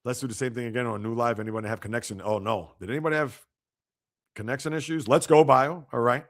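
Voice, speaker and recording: A man hosting a live sports podcast, reacting to news and reading out viewer comments in an animated, chatty way. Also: medium pitch, quick pace. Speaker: podcast host.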